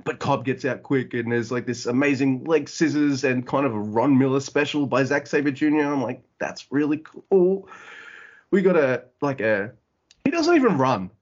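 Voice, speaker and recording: A man co-hosting a podcast, chatting casually in an animated way, swearing and acting out quotes. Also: mid-range voice, moderate pace. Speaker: podcast co-host. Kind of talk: casual chat. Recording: dull lo-fi audio.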